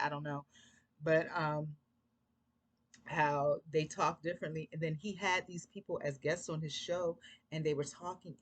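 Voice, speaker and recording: Bright-voiced woman telling a story. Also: fairly low pitch, no echo. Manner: chatty, peppered with "you know", animated asides. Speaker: commentary vlogger. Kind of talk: casual storytelling commentary.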